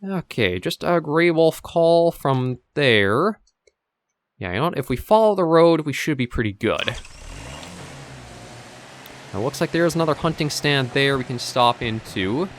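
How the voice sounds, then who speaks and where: A man's voice: a little high, a little slow, pauses often, slight background noise. A man hosting his gaming channel, chatting casually over his gameplay and thinking aloud as he goes. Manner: relaxed, thinking aloud with fillers.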